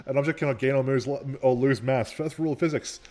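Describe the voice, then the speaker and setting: A man's voice: medium pitch, steady tone, fast, a little mellow. A young man co-hosting a gameplay video, rambling in casual chat, laughing often and swearing casually. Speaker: gameplay co-host. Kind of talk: casual let's-play chat.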